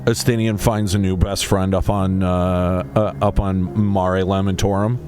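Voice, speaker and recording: A man's voice: low voice, little pitch movement, unhurried. A man streaming a game, chatting casually with stammered restarts and casual swearing. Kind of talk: casual live-stream chat. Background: game music.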